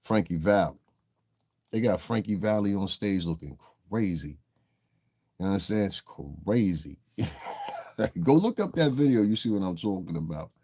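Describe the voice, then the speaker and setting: A man's voice: on the low side, expressive, normal speed, pauses often, darkish tone, slightly rough. A man hosting a casual livestream, laid-back and chuckling as he talks to his chat. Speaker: livestream host.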